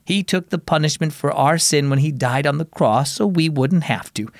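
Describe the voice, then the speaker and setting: A man voicing a gentle mother who calmly explains things in a children's story. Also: fairly high pitch, moderate pace, creaky, no room sound, studio quality. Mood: reassuring. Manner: calm, explaining.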